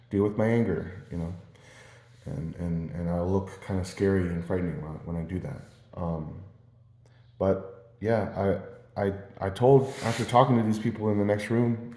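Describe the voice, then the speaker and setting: Rambling man with a low, mellow voice. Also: steady tone. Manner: rambling, halting, repeats words while restarting. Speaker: vlogger. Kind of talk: casual rambling monologue. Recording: roomy echo.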